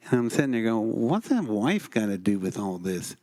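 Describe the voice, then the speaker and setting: A man's voice: mid-range voice, lively intonation, moderate pace, hardly any pauses, darkish tone. A man telling wry, folksy stories on stage at an expo. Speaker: expo speaker. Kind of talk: storytelling on stage.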